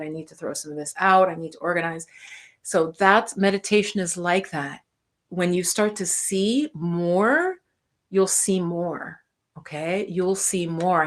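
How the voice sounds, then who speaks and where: Chatty woman meditation teacher, live-stream. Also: fairly low pitch. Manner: chatty, explains with homely analogies, talks to the chat.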